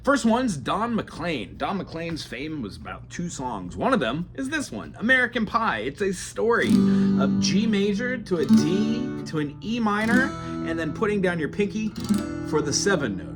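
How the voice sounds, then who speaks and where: A man's voice: high-pitched, very animated, moderate pace. A man teaching beginner acoustic guitar in a chatty, digressive way, now and then singing bits of songs as he plays. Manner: chatty, digressive, breaks into song while playing. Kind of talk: casual guitar lesson with sung examples. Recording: loud guitar under the voice. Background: acoustic guitar playing.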